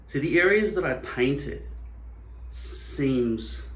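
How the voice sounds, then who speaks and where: A man's voice: medium pitch, expressive, drawn-out words, echoey room. A man hosting a vlog, musing and digressing wryly as he works. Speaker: channel host. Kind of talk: rambling vlog monologue.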